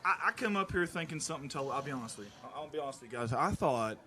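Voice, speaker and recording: A man hosting a live stream, talking earnestly after a high school football game. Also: lively intonation, rapid-fire. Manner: warm, earnest, repeats himself. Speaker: stream host. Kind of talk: casual postgame chat.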